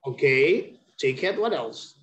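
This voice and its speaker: A man's voice: medium pitch, expressive, slow pace, highs cut off. A man teaching an English lesson over a video call, speaking patiently and repeating key words. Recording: roomy echo.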